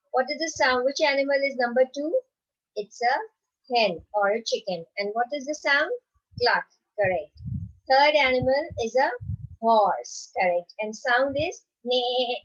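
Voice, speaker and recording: A woman teaching a recorded lesson to young children, patiently asking questions, answering them herself and checking in with "right?" again and again. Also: on the high side. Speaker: primary school teacher. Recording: dull lo-fi recording.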